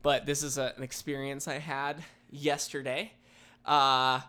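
A man co-hosting a casual podcast, telling a story with lively acted-out quotes. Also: mid-range voice, measured pace. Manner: animated, acts out quoted people in raised voices. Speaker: podcast co-host.

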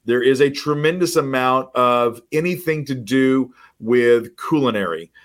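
Animated man coaching real estate agents. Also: mid-range voice, measured pace. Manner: animated storyteller, acts out quoted dialogue. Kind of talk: casual podcast conversation.

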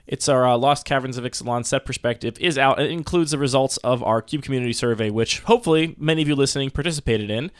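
A man's voice: mid-range voice, fast talker, few pauses, clear, resonant tone, no room sound, clean studio sound. A man hosting a podcast, chatting casually with many fillers. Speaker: podcast host. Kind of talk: casual chat.

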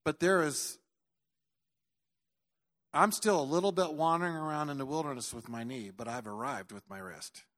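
A middle-aged man preaching in a church, his somewhat high voice leaping from near-shouts down to low, earnest tones. He tells his story with animated energy and drops in the odd joke. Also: moderate pace, pauses often. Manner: animated storytelling, swinging from loud outbursts to quiet earnest tones; jokey asides. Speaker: pastor. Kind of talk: sermon.

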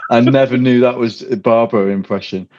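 A man's voice: mid-range voice, fairly even intonation, fairly quick, noisy background. A man hosting a podcast in casual chat, rambling and laughing easily. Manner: chatty, rambling, laughs often. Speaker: podcast host. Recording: dull lo-fi audio.

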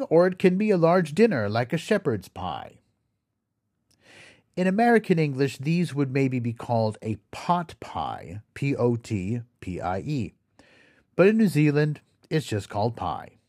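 A man narrates a language lesson for his podcast, his pitch moving in a lively, animated way. He speaks slowly and deliberately, spelling out words letter by letter. The recording is dry and close, with no room sound. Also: dry recording. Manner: slow, careful explaining, spelling words out letter by letter. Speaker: podcast host. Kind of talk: scripted educational narration.

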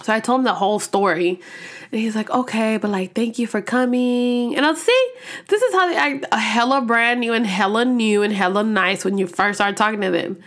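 A woman's voice: medium pitch, fairly even intonation, normal speed. Profane rambling woman telling a story. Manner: rambling, profane, heavy use of "like" fillers; slang-filled, laughs when nervous. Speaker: podcast host. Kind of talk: casual storytelling.

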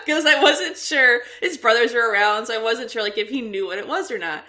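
Bright-voiced chatty woman podcaster. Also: on the high side, normal speed. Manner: animated storyteller, laughs often. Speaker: podcast co-host. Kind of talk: casual chat.

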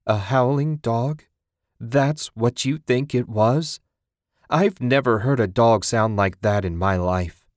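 A man's voice: mid-range voice, slow pace, dry recording, studio quality, close to an everyday voice. A man putting on a frightened, insistent wife. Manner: raised, pleading, sharp-edged.

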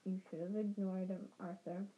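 Gruff, firm giant of a man, kindly underneath, read by a woman; lo-fi recording. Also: medium pitch, little pitch movement, moderate pace, lightly acted. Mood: stern. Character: huge gruff kindly male gamekeeper.

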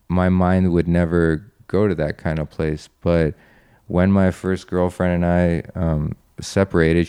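A man's voice: low voice, dark tone, clear, resonant tone, no echo, studio quality. A young man guest on a podcast, earnestly reflecting on his past in a personal story, with frequent ums and restarts.

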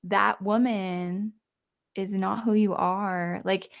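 A woman's voice: mid-range voice, fairly even intonation, slow, creaky. A young adult woman, a daughter and podcast guest, speaking earnestly about faith and family, with many "like" fillers. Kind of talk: reflective conversational sharing.

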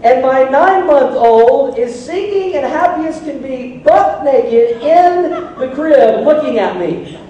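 A man in his forties delivers a sermon, telling stories with lively, self-mocking humor. His voice sits high and mellow. The recording catches him from afar in a very reverberant church hall, with a faint hiss underneath. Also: slow pace, dull audio. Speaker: pastor. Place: church sanctuary. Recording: very echoey hall from a distance.

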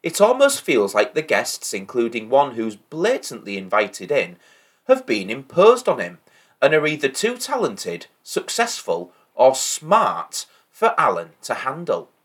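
Husky-voiced man hosting a podcast. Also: mid-range voice, wildly swooping pitch, a little slow, fairly bright tone. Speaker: podcast host. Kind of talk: casual podcast commentary.

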